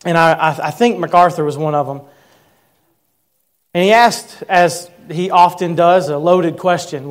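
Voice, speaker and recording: Man, 30s, pastor, sermon, earnest storytelling, slows for emphasis, fairly high voice.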